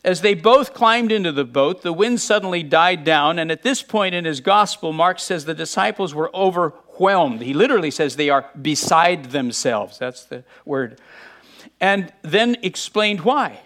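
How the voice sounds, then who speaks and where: This fairly high-voiced preacher talks a little slowly, addressing his congregation in a conversational way. When quoting the people in his story, he acts out their voices in animated bursts.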